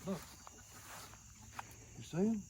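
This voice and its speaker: Warm in tone and slow in pace, the man's voice carries a little hiss or hum. As a homesteader and co-host, he does farm chores outdoors while fondly, playfully baby-talking to a toddler, with crickets and farm animals faint behind him.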